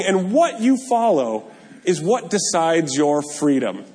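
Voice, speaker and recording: A male pastor preaching a sermon, animated and joking, with self-deprecating asides. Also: on the high side, measured pace. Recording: long hall reverb.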